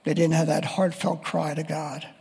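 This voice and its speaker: Preacher, male, high pitched and husky, reading scripture in an echoing hall. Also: little pitch movement, normal speed, a little mellow. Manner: reads scripture aloud and quotes voices of the text. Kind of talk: sermon.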